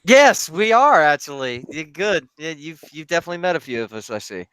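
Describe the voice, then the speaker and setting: A man from the United States in casual group chat, loud, profane and animated. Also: a little high, a little fast. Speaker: stream guest.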